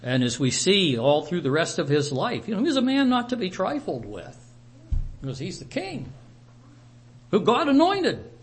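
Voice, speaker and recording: A man's voice: high-pitched, huge pitch swings, normal speed. A man teaching a Bible study, retelling the passage in a conversational way with asides to his group.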